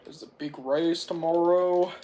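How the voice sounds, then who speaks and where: A reviewer with a sore throat rambling casually through a film's plot, clearing their throat again and again. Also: mid-range voice, steady tone, unhurried, very noisy. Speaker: film reviewer. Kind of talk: rambling casual movie recap.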